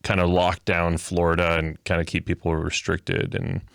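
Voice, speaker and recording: Male podcast host, lowish voice, jokey and loose. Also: monotone, moderate pace, vocal fry, a bit bright, no echo, clean studio sound. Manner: joking, rambling with many fillers. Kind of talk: casual interview chat.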